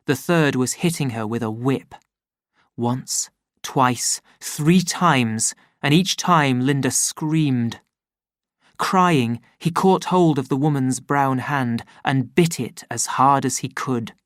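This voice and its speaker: An audiobook narrator reading at an unhurried, deliberate pace, each sentence set out plainly. The voice sits at a middle pitch, and the recording is dry and close, with no room sound. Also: no room sound. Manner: slow, measured, plain storytelling. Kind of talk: scripted narration.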